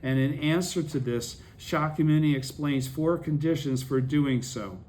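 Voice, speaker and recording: A man's voice: fairly high pitch, a little slow, darkish tone, a little hiss or hum. A man leading a study group, reading a text aloud and explaining it, often checking that his listeners follow.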